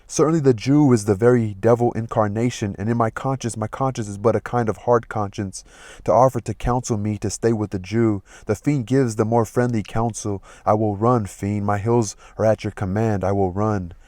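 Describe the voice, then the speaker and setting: A man's voice: on the low side, steady tone, normal speed, warm tone, dry recording, studio quality, natural voice. A man voicing a comic young male servant, reading the old lines plainly and then retelling them in everyday speech. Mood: torn. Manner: reads old verse plainly, then retells it in modern slang.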